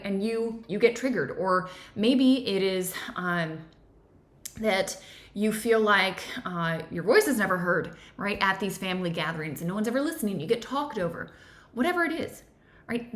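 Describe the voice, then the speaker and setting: A woman's voice: mid-range voice, fairly bright tone, echoey room. A woman giving a conversational self-help lesson, often checking in with "right?". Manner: conversational, keeps asking "right?". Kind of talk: guided teaching talk.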